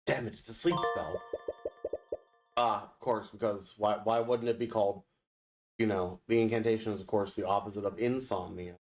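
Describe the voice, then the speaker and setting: A male streamer reading a story game aloud on a live stream, narrating with quick joking asides. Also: on the low side, steady tone. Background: game music.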